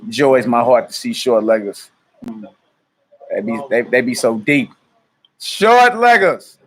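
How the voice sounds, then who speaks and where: A man's voice: mid-range voice, steady tone, measured pace, a little hiss or hum. A man hosting a casual ministry livestream, greeting viewers by name, hyping them up and laughing often. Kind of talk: casual livestream chat before prayer.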